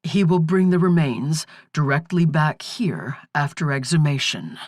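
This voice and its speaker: A woman voicing a dignified male governor who speaks in a measured, formal way. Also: deep voice, animated, a little mellow, no echo, clean studio sound. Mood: solemn. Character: dignified male tribal governor, grave and courteous.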